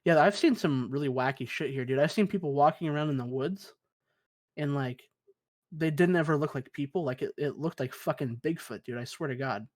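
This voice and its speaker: Brisk and fairly high-pitched, a young male co-host talks casually on a podcast recorded in his basement, with no echo. His manner is laid-back, full of curse words and plenty of dude.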